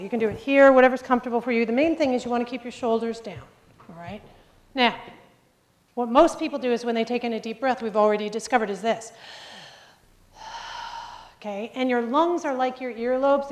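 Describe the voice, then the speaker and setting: A woman coaching a group through breathing exercises in a live workshop, upbeat, joking and directive. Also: a little high. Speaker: presentation skills coach. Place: large room with a group. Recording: reverberant hall sound.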